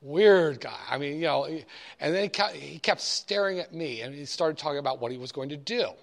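A man's voice: fairly high pitch, animated, fairly quick, vocal fry. A man teaching a class, speaking in a conversational, digressive storytelling manner. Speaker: instructor. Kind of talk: storytelling lecture.

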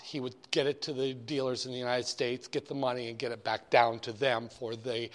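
A man's voice: medium pitch, fairly bright tone. A man teaching a class, speaking in a conversational, digressive storytelling manner. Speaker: instructor. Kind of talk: storytelling lecture.

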